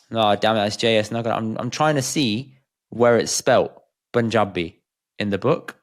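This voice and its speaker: A man co-hosting a podcast in casual chat, relaxed and emphatic, laughing easily. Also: on the low side, normal speed. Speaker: podcast co-host.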